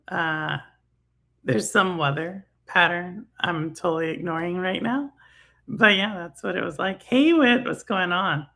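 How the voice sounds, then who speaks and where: A middle-aged Texan woman hosts a loose gaming chat stream, rambling through her points with frequent fillers and laughs. Her voice is gravelly and bright, sitting a little low in pitch. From Houston, Texas. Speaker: livestream host. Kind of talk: casual gaming talk stream.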